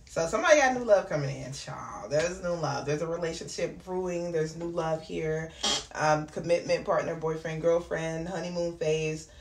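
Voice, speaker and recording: Woman reading tarot cards, chatty and excitable, lowish voice, roomy echo. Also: moderate pace. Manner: chatty, bursts into excited exclamations. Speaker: tarot reader. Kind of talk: casual tarot reading to viewers. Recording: echoey room with clear background noise.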